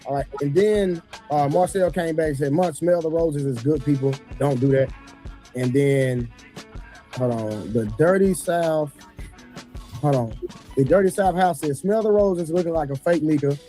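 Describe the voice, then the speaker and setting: Mellow-voiced man reading viewer comments. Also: fairly high pitch, normal speed, soft background music.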